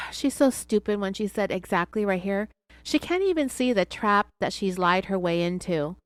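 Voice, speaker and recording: A woman's voice: mid-range voice, moderate pace, dry recording. A woman hosting a true crime podcast, giving scornful, sarcastic commentary. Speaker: podcast host.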